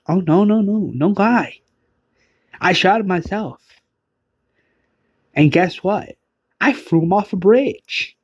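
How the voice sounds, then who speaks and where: A man's voice: high-pitched, slow pace, long pauses, slightly rough, dry recording, voice pushed up, exaggerated voice. A man voicing a gleeful, treacherous young woman survivor who taunts her captors in a fan zombie story. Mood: gloating.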